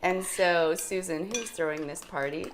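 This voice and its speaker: A woman's voice: fairly low pitch, a little slow, background noise. A middle-aged woman chatting casually as she demonstrates a recipe in her home kitchen. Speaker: cooking show host.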